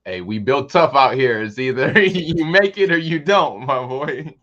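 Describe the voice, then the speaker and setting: A man's voice: mid-range voice, lively intonation, measured pace, a bit bright, lo-fi sound. A man chatting as a podcast guest with blunt, teasing banter. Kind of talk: casual chat.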